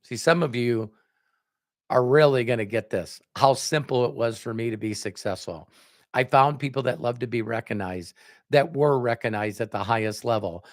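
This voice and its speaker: Animated man telling a motivational story. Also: moderate pace, dry recording, clean studio sound. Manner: acts out quoted dialogue with jumps in pitch. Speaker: network marketing speaker.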